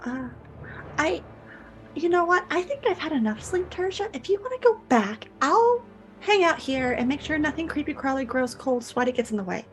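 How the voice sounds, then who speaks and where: A woman player in a tabletop game, speaking playfully in character with lively banter. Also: high voice, normal speed. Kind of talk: tabletop role-play.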